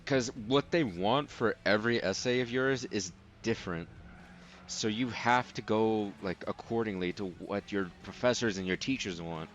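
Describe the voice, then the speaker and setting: A young man casually commenting on a racing game as he plays, rambling and relaxed with lots of filler words. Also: on the low side, normal speed, dull audio. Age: young adult. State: sleepy, yawning. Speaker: let's play host.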